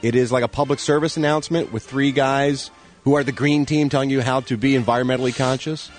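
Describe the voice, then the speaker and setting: A man's voice: mid-range voice, fast talker, soft background music. A man co-hosting a radio show, telling jokey entertainment news in casual banter. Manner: animated, jokey storytelling.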